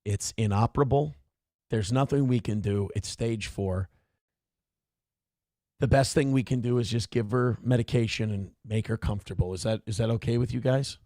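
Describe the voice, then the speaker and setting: A man putting on a grave doctor who speaks slowly and softly. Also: mid-range voice, dry recording, clean studio sound, pitched below the performer's own voice, close to an everyday voice. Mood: somber. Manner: hushed, slow and somber. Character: grave male doctor giving bad news.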